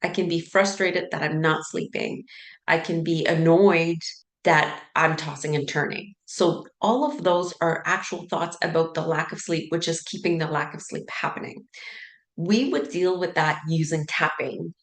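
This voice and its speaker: A woman with a low, gravelly voice coaches in a relaxed, chatty way and acts out anxious inner thoughts with plenty of "like" and "right?". She sounds like she is in a roomy space with an echo. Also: normal speed. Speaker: sleep coach. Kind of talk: casual teaching talk.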